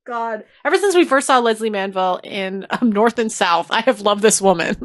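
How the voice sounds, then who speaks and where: Woman podcast host, casual recap voice, gushing and animated, dry close mic. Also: medium pitch, normal speed, dry recording. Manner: gushing, animated storytelling with laughs.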